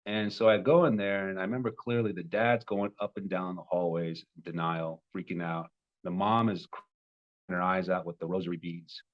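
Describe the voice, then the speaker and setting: A man in his twenties, a love coach, telling a personal story with animated, emotional bursts. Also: low-pitched, moderate pace, lo-fi sound. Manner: emotional, animated retelling with sudden loud peaks.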